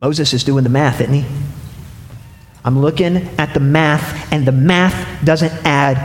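A male pastor preaching a sermon with animated delivery, acting out little dialogues as he goes. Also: on the high side, unhurried, a little hiss or hum. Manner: animated, acts out voices in dialogue. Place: church sanctuary. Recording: echoey hall with faint ambience.

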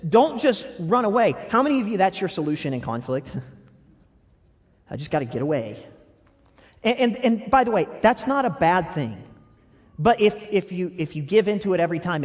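Young man, sermon, animated, laughs often, fairly high voice, loud then soft. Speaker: pastor.

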